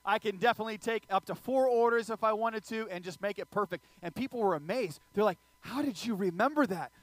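A man preaching a sermon, telling funny stories and joking with the audience in an animated way. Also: sits high, fast, few pauses, no echo. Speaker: pastor. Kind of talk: sermon with humorous storytelling.

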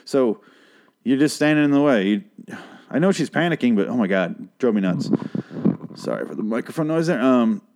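A man's voice: mid-range voice, expressive, normal speed, background noise. A man hosting a podcast, recapping a TV episode in a rambling, sarcastic way with a lot of swearing, talking into a handheld microphone.

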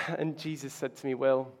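A man's voice: medium pitch, flat delivery, normal speed. A man preaching a sermon, telling self-mocking stories with playful asides. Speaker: pastor.

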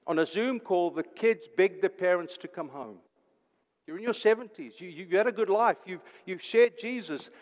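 A high-voiced older man delivers an impassioned sermon from the pulpit. He swings between loud, urgent declarations and hushed, almost whispered phrases. His voice carries a long reverb from the church hall. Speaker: pastor.

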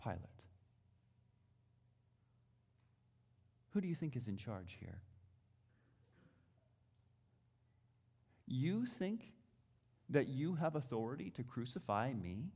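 A preacher playing a calm divine king who speaks low and hushed, addressing his listener directly and deliberately. The voice sits a little high for a man, with the pitch swinging widely between soft drops and rises. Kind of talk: dramatic first-person sermon monologue.

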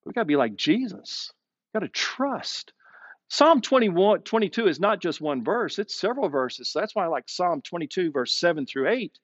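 A male pastor preaching a streamed sermon, slowing down and dropping his voice low to stress key words. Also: no echo, lo-fi sound. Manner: expressive preaching, slows down and drops low for emphasis. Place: streamed sermon with online chat.

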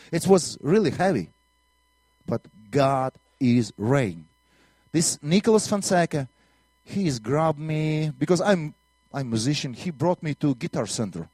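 Missionary preacher from Latvia, Russian accent, slightly high male voice, dry close sound, earnest testimony style. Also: animated, measured pace, a little mellow, no echo. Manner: earnest storytelling with broken English and repeated words. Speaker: minister and missionary. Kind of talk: testimony sermon.

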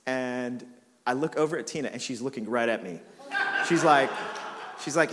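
Male pastor, sermon, casual anecdotes, self-mocking humor, mid-pitched voice, long hall reverb. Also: moderate pace, fairly bright tone, slight background noise.

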